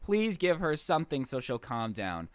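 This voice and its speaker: A man's voice: mid-range voice, big pitch swings, moderate pace, clean tone, no room sound, voice pushed down, lightly acted. A young man voicing a weary, apologetic middle-aged husband who pleads and apologizes. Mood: pleading.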